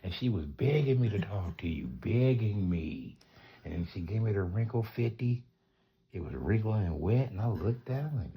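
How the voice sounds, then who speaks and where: A man telling a funny story casually, animated, acting out the people in it and breaking into laughter. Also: lowish voice, normal speed, lo-fi sound. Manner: animated, loud laughs, acts out the voices.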